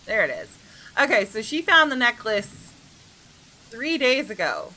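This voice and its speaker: A woman's voice: on the high side, big pitch swings, measured pace, pauses often, bright, forceful tone, slight background noise, rough recording. A woman hosting a gameplay video, chatting casually and thinking aloud as she reads a visual novel. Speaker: gaming video host. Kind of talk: Let's Play commentary and reading aloud.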